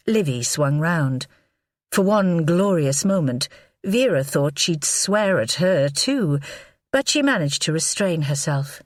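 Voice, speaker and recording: A woman narrating a crime novel audiobook in a measured, expressive read on a close mic. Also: low voice, dry recording.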